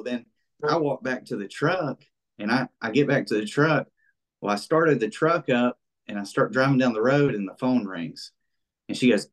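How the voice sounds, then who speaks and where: A man telling a hunting story in a casual interview, rambling with lots of fillers and acting out what people said. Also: medium pitch. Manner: rambling and animated, many fillers, acts out quoted speech. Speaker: interview guest, bow hunter.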